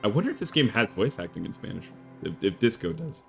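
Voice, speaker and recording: A man streaming a game, chatting casually with an animated, rambling storytelling manner. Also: lowish voice, fast, creaky. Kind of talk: casual chat while playing a game. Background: faint game music.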